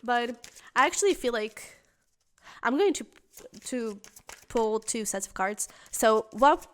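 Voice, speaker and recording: Woman tarot reader, a little high-pitched, chatty and earnest, talks straight to camera. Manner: earnest and emotionally invested, speaks directly to the viewer; chatty, thinks aloud while reading the cards. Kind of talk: pick-a-card tarot reading to viewers.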